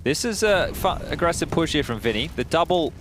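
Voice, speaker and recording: A man's voice: fairly high pitch, animated, fairly quick, background noise. A man casting a live esports match, playful and teasing as he steers the banter. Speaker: esports caster.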